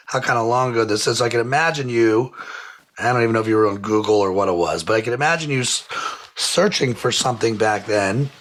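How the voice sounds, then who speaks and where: A man's voice: medium pitch, a bit bright. A man hosting a podcast interview, conversational and thinking aloud with restarts. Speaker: podcast host.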